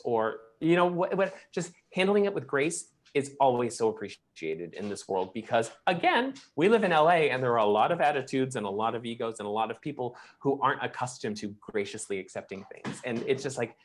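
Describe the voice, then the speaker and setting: Man, publicist guest, casual podcast chat, animated, restarts often. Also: medium pitch, fairly quick, few pauses. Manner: chatty, animated, many restarts. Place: Los Angeles.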